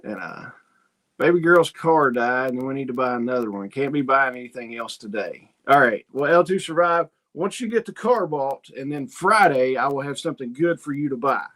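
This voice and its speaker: A man hosts a homesteading livestream, chatting casually, reading viewer comments and telling rambling, folksy stories with quoted asides. His mid-range voice is animated and fairly bright, at a normal speed.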